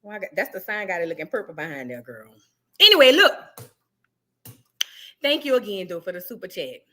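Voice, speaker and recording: New lady chatting on her stream, bright sharp voice, slangy and animated. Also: medium pitch, a little fast. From New Orleans, USA. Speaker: livestream host. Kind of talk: casual livestream chat.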